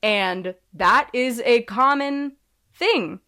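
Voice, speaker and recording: Slow-talking woman rambling on a podcast. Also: on the high side, pushed and bright. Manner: rambling, goes off on tangents with sarcastic asides. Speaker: podcast co-host. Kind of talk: casual chat.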